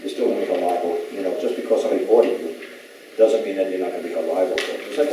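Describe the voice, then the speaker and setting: A man's voice: deep voice, racing, warm tone, a little hiss or hum. A man giving an informal talk to an audience, rambling through stories and acting out the people he quotes. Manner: rambling storyteller who acts out quoted voices. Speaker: public speaker at a gathering. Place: large echoey room. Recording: echoey hall, voice from far off.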